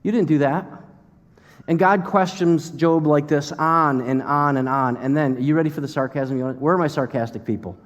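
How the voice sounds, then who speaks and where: A man preaching a sermon as pastor, animated and emphatic, at times dropping to a soft, intimate tone. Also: on the high side, a little fast, hardly any pauses. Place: church. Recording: long hall reverb.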